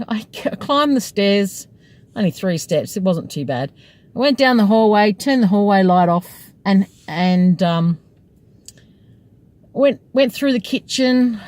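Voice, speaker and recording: A woman's voice: mid-range voice, lively intonation, measured pace, a little mellow, rough recording. A woman in a mid-range voice recounting one of her taxi shifts as a casual story. She talks loosely and conversationally and keeps breaking into laughter as she goes. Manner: laughs often while telling. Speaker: taxi driver.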